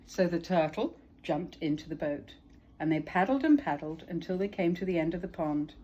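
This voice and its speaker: A woman, a parent, reading a children's story aloud in a gentle, expressive narrating voice. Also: lowish voice, normal speed, dull audio.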